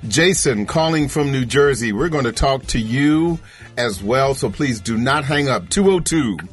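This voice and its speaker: Relaxed man hosting a call-in radio show. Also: mid-range voice, a little slow, slightly rough, soft background music. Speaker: radio talk show host.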